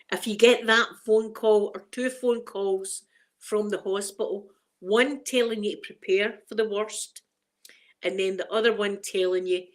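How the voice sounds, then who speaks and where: A middle-aged Scottish woman chatting casually on a live stream, emotional and quick to laugh, greeting viewers by name. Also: medium pitch. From Scotland.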